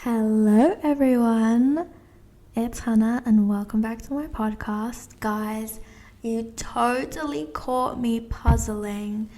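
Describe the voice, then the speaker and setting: A woman's voice: on the high side, slow, mellow. A young woman hosting her own podcast, with a slightly British-sounding accent, chatting in a rambling, giggly way while she does a puzzle. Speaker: podcast host. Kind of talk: casual solo podcast chat.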